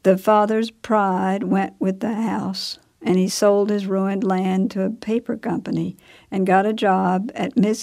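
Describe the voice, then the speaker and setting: A woman narrating a story in a measured, unhurried way. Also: mid-range voice, creaky, dark tone.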